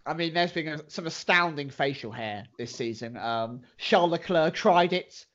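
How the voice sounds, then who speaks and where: A man's voice: a little high, expressive, moderate pace, a bit bright, lo-fi sound. A man co-hosting a podcast, chatting casually in a playful, rambling way. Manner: playful, rambling, self-deprecating. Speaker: podcast co-host. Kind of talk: casual chat.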